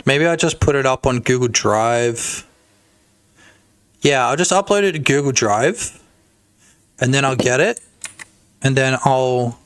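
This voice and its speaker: A man streaming while he develops a game, chatting casually and excitably, swearing and rambling. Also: medium pitch, smooth. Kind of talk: casual livestream chat.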